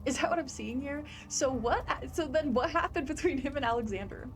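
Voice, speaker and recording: A woman's voice: high-pitched, fairly quick, background noise. A woman streamer commentating her first playthrough of a horror game, chatty and wondering aloud, easily startled. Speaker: gaming streamer. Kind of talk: let's play commentary.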